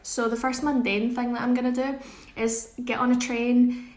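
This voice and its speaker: A woman's voice: a little high, level tone, moderate pace, darkish tone. Chatty young woman, echoey room. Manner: chatty, giggly, self-deprecating. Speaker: musical theatre performer. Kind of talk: casual social media Q&A.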